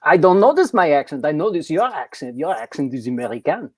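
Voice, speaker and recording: A man's voice: a little high, very animated, fairly quick, a loud crowd. A man playing an easily frightened French baker, with a put-on French accent and a flamboyant manner, dropping French words. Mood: playful. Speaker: improv player.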